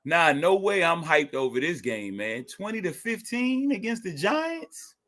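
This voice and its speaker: A young man calls the game on a live stream, talking straight to his viewers. He reacts out loud and laughs often. His voice sits a touch high and swings widely. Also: unhurried. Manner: excited, talks to chat, laughs often. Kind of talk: live fan commentary on a game.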